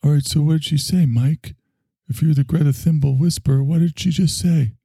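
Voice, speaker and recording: Doubtful everyday guy, questioning tone, husky, played by a man. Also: fairly high pitch, fairly even intonation, brisk, dark tone, dry recording.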